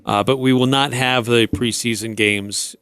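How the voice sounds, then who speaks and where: Male radio co-host, measured and even, mid-range voice, dry booth sound. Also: medium pitch, smooth, no echo. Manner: measured, plugs the station's schedule. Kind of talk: casual sports talk.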